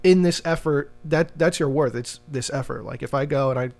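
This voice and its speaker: A man's voice: mid-range voice, fairly quick, vocal fry, a little mellow, soft background music. A man in a casual discussion, rambling and thinking aloud with lots of filler words.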